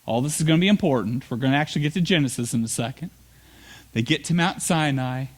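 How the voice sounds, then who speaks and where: A man preaching a sermon as pastor, telling the story with playful asides and quick acted lines. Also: mid-range voice, expressive.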